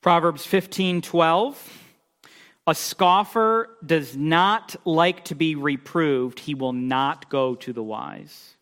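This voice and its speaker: Male preacher, slow and emphatic sermon delivery, slightly high voice, echoing hall sound. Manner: emphatic, rising and falling in loudness, reads scripture aloud. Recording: long hall reverb.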